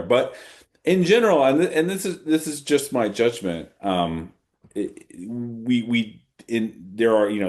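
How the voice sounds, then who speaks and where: A man with a very low, deep voice speaks as an author fielding audience questions. He thinks aloud, circling back and repeating phrases to stress a point. The tone is a loose, conversational question-and-answer. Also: darkish tone. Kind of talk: conversational Q&A at a fireside chat.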